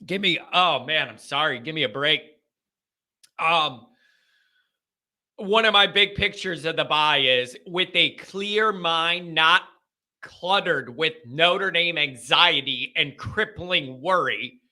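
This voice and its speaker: Bright-voiced, ranting young man host. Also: a little high, takes it slowly. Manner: heated, ranting and exasperated. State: stuffy sinuses. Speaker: fan show host. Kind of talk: live-streamed fan show rant.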